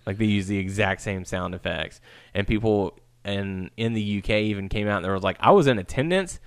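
A man, co-hosting a casual wrestling podcast, relaxed and quick to laugh. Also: low voice, creaky, smooth, no room sound. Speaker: podcast co-host.

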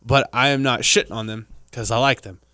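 A man with a light Texan twang, talking in a loose rambling way with plenty of fillers. His voice is bright and smooth. The sound is dry and close. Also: medium pitch, steady tone, a little fast, dry recording. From Texas. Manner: rambling, filler-heavy, chatty. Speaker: podcast co-host. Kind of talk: casual chat.

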